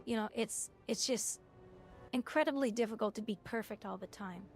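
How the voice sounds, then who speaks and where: A woman's voice: fairly high pitch, moderate pace, faint music behind, natural voice. A woman mimicking a smug, self-pitying male coworker in a mock-whiny, bragging voice.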